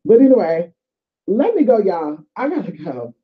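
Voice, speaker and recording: A woman's voice: medium pitch, very animated, normal speed. Brief: chatty, swearing woman vlogger giving spiritual advice, mid-height voice, tinny phone-like sound. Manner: profane, chatty, addresses viewers as y'all. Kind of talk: casual spiritual advice and storytelling.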